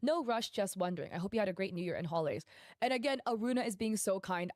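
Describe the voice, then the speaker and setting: A woman's voice: medium pitch, expressive, fast, a little mellow, no room sound, studio quality. A woman streamer reading out a thread of posts and messages, breaking in with indignant, emphatic asides. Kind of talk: livestream commentary reading posts aloud.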